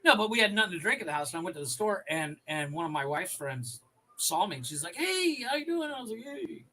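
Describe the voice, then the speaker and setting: A man's voice: a little high, lively intonation, fast, sharp tone. A man in his thirties co-hosting a casual podcast chat, laughing often and acting out voices in his stories. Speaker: podcast co-host.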